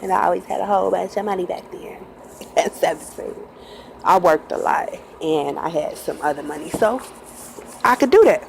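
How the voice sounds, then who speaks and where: A woman's voice: lowish voice, normal speed, gravelly, slight background noise, low-quality recording. A woman who drives a bus, telling a personal story in a casual, chatty way, laughing often and acting out quotes. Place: in a bus at night.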